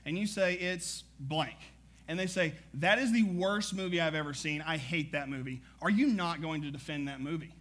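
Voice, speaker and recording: A man preaching a sermon as pastor, energetic and conversational, with frequent asides to the congregation. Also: on the high side, moderate pace.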